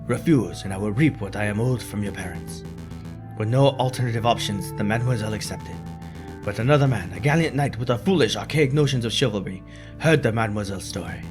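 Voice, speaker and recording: A man voicing a smooth, scheming male bird prisoner who poses as a prince, theatrical with a put-on foreign lilt. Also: on the low side, quick pace, over music, natural voice. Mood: storytelling.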